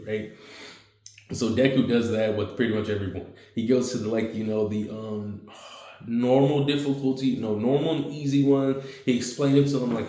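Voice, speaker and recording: A man's voice: medium pitch, steady tone, mellow. Rambling man telling a story in an echoey room. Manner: rambling, filler-heavy, slips into quick character voices. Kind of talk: casual fan-story retelling.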